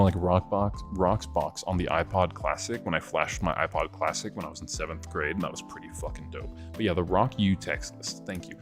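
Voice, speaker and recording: Deep-voiced ranting young man streamer. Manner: excitable, profane, ranting, laughs a lot. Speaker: livestream host. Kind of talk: livestream rant.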